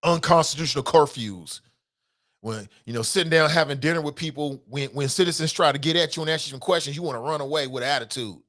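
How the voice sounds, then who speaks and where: A man hosting a solo political talk show with a Cincinnati accent, passionate and profane, swinging between loud outbursts and muttered asides as he reads listener comments. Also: fairly high pitch, fast.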